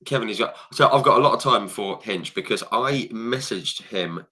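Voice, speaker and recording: A man's voice: fairly low pitch, moderate pace, sharp tone, slightly rough. A man hosting a podcast, chatty and storytelling, acting out what people said to him. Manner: chatty storyteller, acts out quoted dialogue. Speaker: podcast host. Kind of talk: casual podcast chat.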